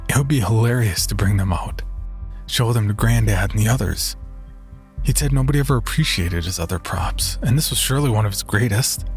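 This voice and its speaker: Low-voiced man narrating a horror story. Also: a little mellow. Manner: measured first-person storytelling.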